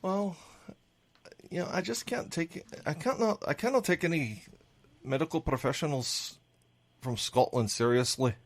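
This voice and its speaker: A man on a panel chat, jokey and halting, often stumbling over his words. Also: fairly high pitch.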